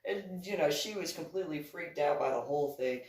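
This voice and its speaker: A woman's voice: deep voice, brisk, a little mellow. A woman author telling a story casually, rambling and meandering with lots of "like" and "you know" between her words. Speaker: author reading and commenting on her book. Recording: echoey room, voice from a distance.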